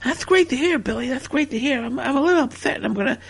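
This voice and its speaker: A man hosts a comedy podcast with a high, gravelly voice. He rambles and stammers, doubling back over his own words and chuckling as he goes. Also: expressive, fast talker. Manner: stammering, repetitive, chuckling storyteller. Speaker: podcast host.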